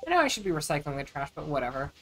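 A woman's voice: deep voice, very animated, very fast, a little hiss or hum. A woman streamer chatting casually and thinking aloud as she plays a game. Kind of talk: casual gameplay chat.

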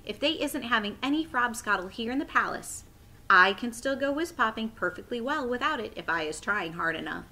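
A woman's voice: a little high, lively intonation, a little fast, bright, forceful tone. A woman voicing a big friendly male giant who talks in sly, broken grammar, read aloud from a storybook. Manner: sly, ungrammatical giant talk.

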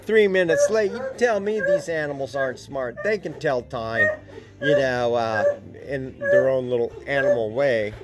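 A man's voice: mid-range voice, moderate pace. Rambling man with a noisy outdoor recording. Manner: rambling, folksy, chuckling asides. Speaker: animal sanctuary caretaker. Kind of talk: casual morning vlog chat. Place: outdoors at an animal sanctuary.

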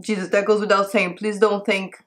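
A young woman talking casually to camera, soft-spoken and halting, close to tears. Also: mid-range voice, flat delivery. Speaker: vlogger announcing a breakup. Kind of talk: casual heartfelt chat to camera.

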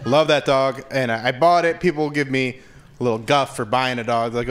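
A man's voice: mid-range voice, fairly even intonation, brisk, a bit bright. A man doing a stand-up comedy set on stage, telling stories in a wry, conversational way into a handheld mic. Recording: live room with audience noise.

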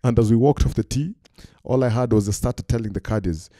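Dark-voiced Kenyan man telling a story. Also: medium pitch, fast talker, dry recording. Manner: lively, acts out quoted voices. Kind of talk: animated personal anecdote.

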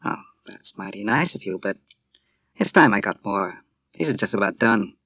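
A man voicing a soft-spoken, polite middle-aged naval captain in a storybook reading. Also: lowish voice, expressive, moderate pace, no echo. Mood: restrained.

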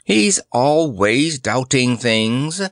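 A man voicing a relaxed, affectionate male camel with a wheezy voice. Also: mid-range voice, slow, gravelly, no echo, clean studio sound, full character voice. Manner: fond, relaxed.

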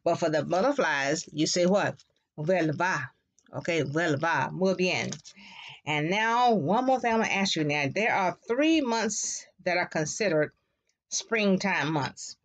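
Woman, children's Spanish teacher, sing-song, very animated pitch, slow deliberate pace. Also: a little hiss or hum. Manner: sing-song, repeats words slowly for children to echo. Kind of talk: classroom lesson for young children. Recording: dull lo-fi classroom recording.

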